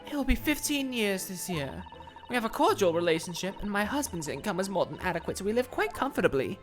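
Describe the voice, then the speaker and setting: A woman's voice: medium pitch, very animated, quick pace, soft background music, close to an everyday voice. A woman voicing a prim, anxious Victorian wife in a put-on accent halfway between Southern belle and British, reading game dialogue aloud. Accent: put-on mix of Southern belle and British. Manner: prim, fretful and overly formal. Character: anxious genteel Victorian wife, middle-aged.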